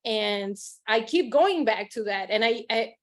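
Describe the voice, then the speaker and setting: A woman's voice: a little high, lively intonation, unhurried. A woman hosting a podcast as a coach, talking in an effusive, rambling way full of fillers. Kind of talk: casual podcast chat.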